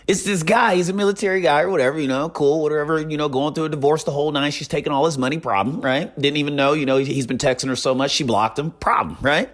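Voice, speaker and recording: A young man telling a casual, animated story with a recurring catchphrase and acted-out quotes. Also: fairly high pitch, quick pace, hardly any pauses.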